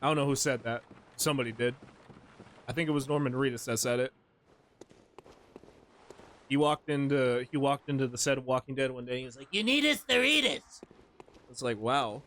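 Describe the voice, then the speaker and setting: A man's voice: mid-range voice, steady tone, fairly quick, long pauses, slight background noise. A man in his twenties chatting casually with viewers while playing a game, slangy and rambling, laughing often. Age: 20s. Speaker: streamer. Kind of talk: casual gameplay commentary to chat.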